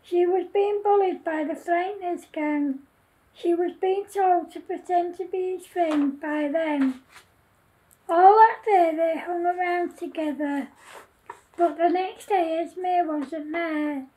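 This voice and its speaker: A woman reading her own children's story aloud in a plain, steady way. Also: very high voice, takes it slowly, poor audio.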